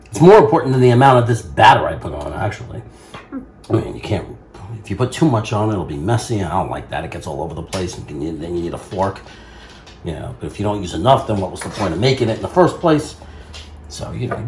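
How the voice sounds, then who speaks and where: A man's voice: on the low side, slight background noise. A man chatting casually in a rambling, self-amused way while cooking at home. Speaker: home cook vlogger. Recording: echoey room.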